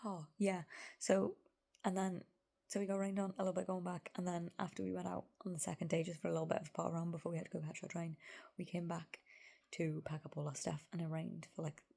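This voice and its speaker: A woman, talking through a casual vlog in a rambling, chatty way with plenty of fillers and side notes. Her voice sits on the low side with a gravelly fry, and she often sinks into a soft whisper. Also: level tone, fast. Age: 30s. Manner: chatty and rambling, full of "like" and asides. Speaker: vlogger. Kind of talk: casual vlog chat to camera.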